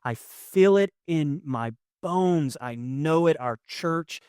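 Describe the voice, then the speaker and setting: A young man preaching a sermon as pastor, conversational and emotional, swinging from loud to hushed. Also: on the high side, animated, takes it slowly, smooth, dry recording, clean studio sound. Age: young adult. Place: church sanctuary with audience.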